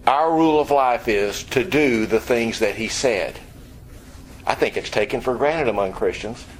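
A man's voice: mid-range voice, unhurried, a little hiss or hum, low-quality recording. A man preaching a sermon, emphatic and direct, often asking his listeners rhetorical questions.

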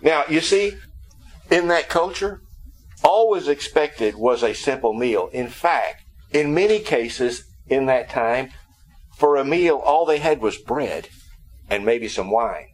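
A man's voice: medium pitch, expressive, takes it slowly, low-quality recording. A man preaching a sermon who explains scripture through humorous storytelling.

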